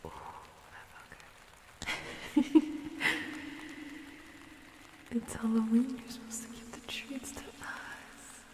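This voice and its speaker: A woman streamer hosting a cozy ASMR chat, talking to viewers softly and often in a whisper, unhurried. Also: fairly high pitch, wildly swooping pitch, reverberant, big-room sound, distant mic.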